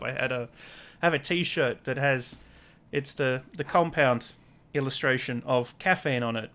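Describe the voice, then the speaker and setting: A man's voice: mid-range voice, normal speed, sharp tone. A man in his thirties hosting a casual podcast chat, telling stories animatedly and acting out quotes in raised voices. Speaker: podcast host.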